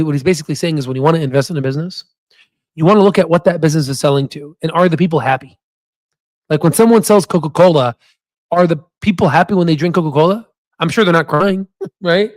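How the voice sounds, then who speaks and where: A man's voice: fairly high pitch, no echo. A man hosting a casual stock-analysis video, joking and coaxing as he walks through charts, swearing now and then. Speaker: investing channel host. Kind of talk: casual screen-share stock talk.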